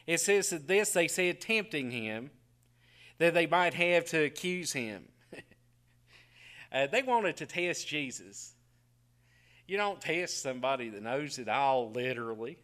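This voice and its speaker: A middle-aged man preaching a folksy sermon, telling homey stories with frequent chuckles and quiet asides. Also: high-pitched, lively intonation, measured pace.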